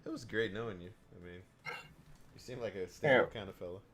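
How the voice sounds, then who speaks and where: Deep-voiced Minnesotan man chatting. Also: fairly quick, a crowd in the background. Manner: animated, joking, teasing. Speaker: streamer host. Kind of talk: casual chat.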